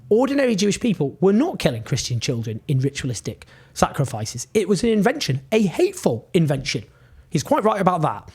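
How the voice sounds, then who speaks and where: A man's voice: on the high side, darkish tone, slightly rough. A man giving indignant scripted political commentary, emphatic and full of rhetorical questions.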